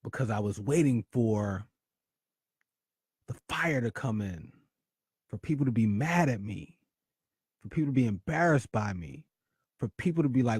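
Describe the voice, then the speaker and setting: A man hosting a talk show, telling a personal story with dramatic swings between loud excitement and hushed confession. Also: medium pitch, normal speed, long pauses, slightly rough, no echo, studio quality. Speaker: podcast host.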